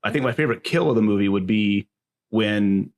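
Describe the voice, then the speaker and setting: Low-voiced guy gushing about gory kills on a podcast, swears a lot. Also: brisk. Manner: enthusiastic, swears a lot, rambling. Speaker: podcast co-host. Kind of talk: casual film discussion.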